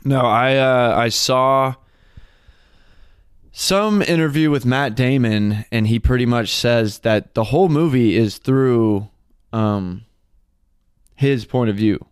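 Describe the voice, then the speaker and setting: A young man in his twenties chats casually as a podcast co-host, joking and excitable, swearing freely. His voice is smooth and resonant, recorded dry and close with no room sound. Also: mid-range voice, takes it slowly, no room sound. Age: 20s. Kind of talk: casual chat.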